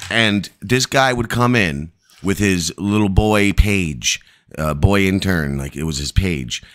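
A man's voice: sits low, slow, fairly bright tone. A man hosting a live stream, telling a long, rambling story full of profanity.

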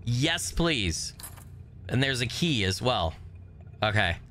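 A man casually commentating his game on a live stream, greeting viewers by name and swearing offhandedly, his voice a little hoarse from recovering. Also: medium pitch, big pitch swings, takes it slowly, pushed and bright, slight background noise. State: voice still recovering, slightly hoarse. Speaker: gaming streamer.

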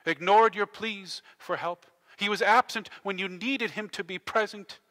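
A male pastor preaching an impassioned sermon, dropping to a hush and then rising to loud declarations. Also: high-pitched, measured pace. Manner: impassioned, swinging between hushed and loud delivery. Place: church. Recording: long church-hall reverb.

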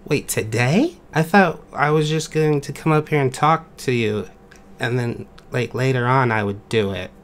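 A man's voice: medium pitch, normal speed, natural voice. A man voicing an overconfident male animal contestant who rambles and stalls. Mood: smug. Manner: smug, rambling.

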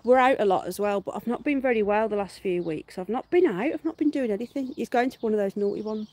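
A middle-aged British woman with a British English accent chats casually on a live stream from her back garden. Her medium-pitched voice is fast and a little mellow, and she laughs and swears freely.

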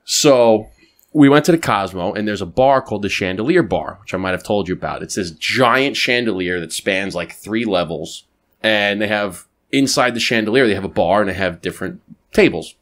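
A man hosting a podcast, telling a story in a casual, animated way, swearing freely and adding quick asides. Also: fairly low pitch. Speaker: podcast host.

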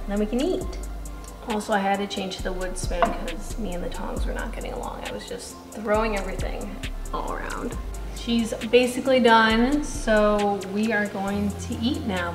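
A woman dietitian chatting casually through a home cooking vlog, self-deprecating and quick to laugh. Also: mid-range voice, echoey room. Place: home kitchen.

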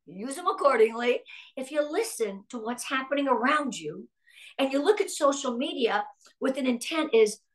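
A woman's voice: high voice, lively intonation, normal speed. A middle-aged woman giving an upbeat, earnest talk to a sales team, answering a live chat and turning emotional at times. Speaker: guest speaker at a sales team meeting.

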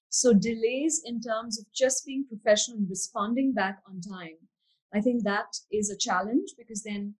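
Earnest husky-voiced woman architect. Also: a little high, rough recording. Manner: earnest, reflective, speaks of faith. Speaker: architect and curator, panel guest. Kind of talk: casual video-call interview answers.

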